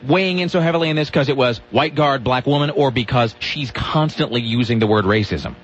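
A man's voice: medium pitch, fairly quick. A man hosting a radio talk show, joking and rambling through his questions with many restarts. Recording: dull lo-fi radio audio with faint hum.

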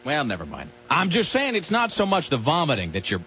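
A man hosts a talk radio show, joking and riffing with his co-hosts. His delivery is lively and swings widely in pitch. The audio is dull and lo-fi, with a faint hum behind him. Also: fairly quick. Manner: joking, laughing, wry asides. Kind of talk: casual talk radio banter.

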